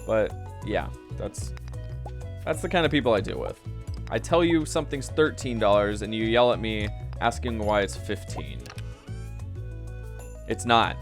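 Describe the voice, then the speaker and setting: A man's voice: lowish voice, expressive, unhurried, pauses often, faint music behind. A young man chatting casually while playing a game, rambling and trailing off mid-sentence as he tells stories from work. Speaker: gaming video creator. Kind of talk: casual gameplay commentary with storytelling.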